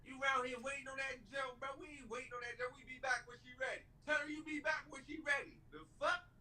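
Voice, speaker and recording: A man hosting a reaction video, heckling and ranting in a profane, animated way. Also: very high voice, fast talker. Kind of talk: loud comedic reaction rant. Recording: distant mic with faint background noise.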